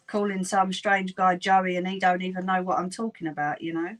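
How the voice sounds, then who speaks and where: A woman's voice: on the low side, little pitch movement, a little fast, rough recording. A woman with a Cockney accent who hosts a casual live sewing chat, talking to her viewers as she works and often laughing. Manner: chatty, laughs often, talks to viewers while working. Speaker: sewing livestream host.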